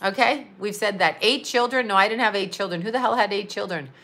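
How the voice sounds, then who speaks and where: A woman's voice: medium pitch, a little fast, fairly bright tone. A middle-aged woman from Canada, chatting bluntly and with lots of swearing on a livestream while reading comments. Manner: blunt, profane, chatty, laughing often. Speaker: livestream host reading chat. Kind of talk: casual livestream chat.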